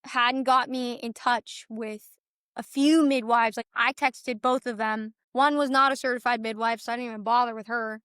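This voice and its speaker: A young woman with a somewhat high voice tells her own story as a podcast guest, earnest and tumbling, restarting sentences and acting out what others said. The sound is dry and close, with no room around it. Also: fairly even intonation, normal speed, fairly bright tone, clean tone, dry recording. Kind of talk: personal storytelling.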